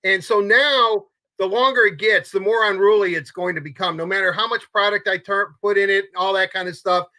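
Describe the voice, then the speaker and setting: An older man co-hosting a casual sports talk show, rambling and halting with repeated words and fillers. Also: high voice, fairly even intonation, pushed and bright. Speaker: co-host.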